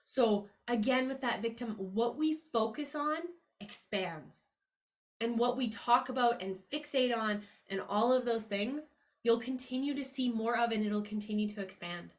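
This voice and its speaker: Upbeat, emphatic woman podcast host. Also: unhurried. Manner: upbeat and emphatic, rising pitch on key words; earnest, confiding tone with listeners. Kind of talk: motivational money-mindset monologue.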